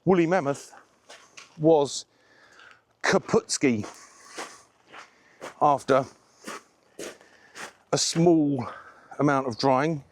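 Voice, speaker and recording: A man chatting to camera while washing a car, relaxed and a little out of breath. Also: on the high side, slight background noise. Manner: chatty, slow and unhurried, self-deprecating. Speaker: car detailing vlogger.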